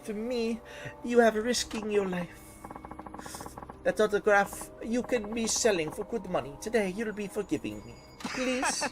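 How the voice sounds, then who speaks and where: A woman's voice: mid-range voice, animated, a little slow, over music, pitched above the performer's own voice, lightly acted, rough recording. A woman voicing a grandiose foreign pop diva who speaks broken, inverted English in a put-on French accent, with a dramatic, flowery manner. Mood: pleading.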